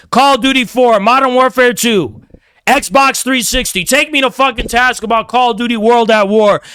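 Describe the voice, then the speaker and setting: A man's voice: very high-pitched, sharp tone, smooth, no room sound, clean studio sound. A man streaming a heated, profane, combative rant. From United States.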